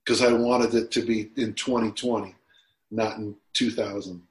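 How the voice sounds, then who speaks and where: A podcast guest in his sixties, a man, speaks reflectively and now and then grows emotional. His voice sits lowish, with a steady tone and a normal speed. The room gives the recording a noticeable echo.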